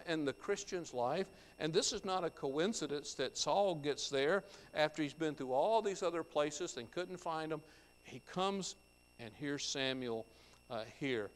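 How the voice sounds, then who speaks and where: A pastor preaching a sermon, reading scripture aloud and explaining it verse by verse. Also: male voice, on the high side. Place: church sanctuary. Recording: church hall with long reverb.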